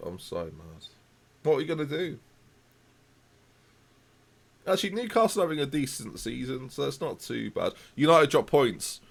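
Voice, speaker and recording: Man, young adult, live game commentary, excitable, gravelly, lively pitch. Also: moderate pace, long pauses. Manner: excitable, reacts loudly to match events, chats to viewers. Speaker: streamer playing a football management game.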